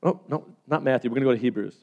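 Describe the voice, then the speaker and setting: A man preaching a sermon as pastor, telling stories with animated swings between loud and hushed delivery. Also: medium pitch, rapid-fire, lo-fi sound.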